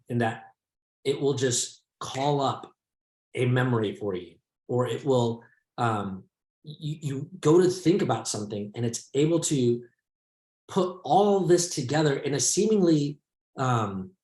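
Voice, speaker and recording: A man's voice: medium pitch, darkish tone. A man hosting a podcast in a rambling, reflective way, often restarting his sentences. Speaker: podcast host. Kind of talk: casual podcast discussion. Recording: echoey room.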